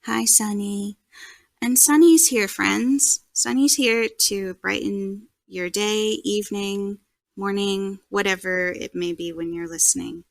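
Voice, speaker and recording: A young adult woman co-hosting a podcast, chatting casually, giggly and quick to quote people. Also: mid-range voice, creaky, no echo. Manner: giggly, animated, quotes people in put-on voices. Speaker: podcast co-host. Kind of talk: casual chat.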